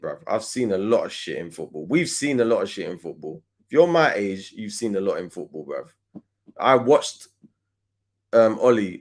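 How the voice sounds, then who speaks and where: A middle-aged man hosting a casual football talk show, emphatic and slangy, swearing freely. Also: on the low side. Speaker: host.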